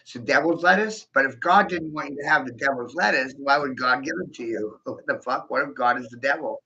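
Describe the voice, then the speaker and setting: A male vlogger rambles through a profane stream-of-consciousness monologue, often giggling and breaking into laughter while asking the listener questions directly. His mid-range voice is fairly quick, bright, and forceful, on a dull lo-fi recording.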